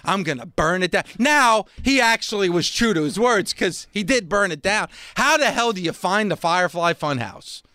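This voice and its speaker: A man's voice: sits high, lively intonation, normal speed, few pauses, sharp tone, no room sound, clean studio sound. A man hosting a show, sarcastically mocking a wrestling promo in casual commentary. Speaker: podcast host.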